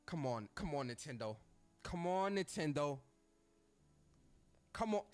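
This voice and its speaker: High, lively ranting man. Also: a little slow, faint music behind. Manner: emphatic, repetitive, joking. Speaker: video creator ranting about games. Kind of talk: animated rant commentary.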